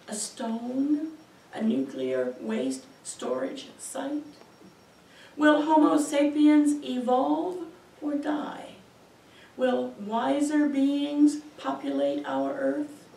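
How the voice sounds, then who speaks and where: A woman poet reads her work in a measured, expressive way, taking her time. Her high voice has a gravelly touch. It is heard from a distance in a roomy university hall. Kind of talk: poetry reading. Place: university auditorium. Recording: echoey auditorium from far off.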